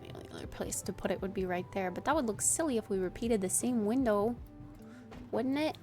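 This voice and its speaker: A woman's voice: mid-range voice, brisk, over music. A woman streamer thinking aloud in a casual, playful way while she builds in a game. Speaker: live streamer.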